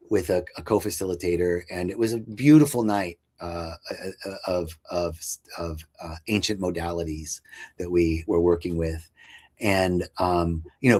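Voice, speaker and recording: A man on a podcast telling about his spiritual path in an earnest, searching way, with many fillers and restarts. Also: deep voice. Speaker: podcast guest. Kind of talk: reflective spiritual storytelling.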